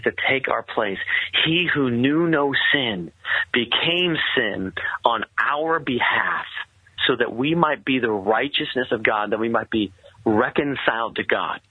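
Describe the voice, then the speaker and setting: A man telling a personal story in earnest, halting conversational speech with many restarts. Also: mid-range voice, breathy edge, no room sound. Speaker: guest telling his story. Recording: tinny, phone-like sound.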